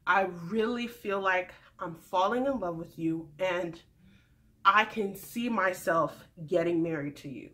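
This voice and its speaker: Earnest young guy begging softly, low and quiet, a woman doing him. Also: unhurried. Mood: pleading. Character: earnest pleading young man contestant.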